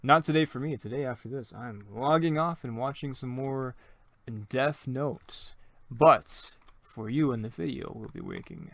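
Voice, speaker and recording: A man's voice: mid-range voice, a little slow, fairly bright tone, no echo. A young man hosting his own gaming channel, chatting casually and thinking aloud as he plays, with self-mocking jokes and plenty of rambling asides. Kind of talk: casual let's-play commentary.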